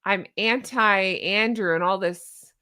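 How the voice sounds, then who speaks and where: A woman's voice: mid-range voice, takes it slowly, pushed and bright. A woman in her forties hosting a royal commentary channel, chatting casually and sarcastically with many asides and restarts.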